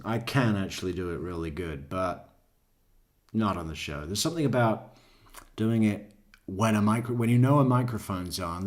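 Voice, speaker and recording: A man hosting a true crime commentary, joking, laughing often, and stammering through repeated words. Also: fairly low pitch. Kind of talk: casual commentary.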